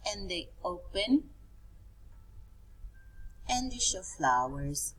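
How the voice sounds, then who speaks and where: Preschool teacher, female, very slow and lilting, husky tone. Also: fairly low pitch, sing-song, a bit bright, rough recording. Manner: slow, sing-song and pointing things out. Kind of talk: teaching young children.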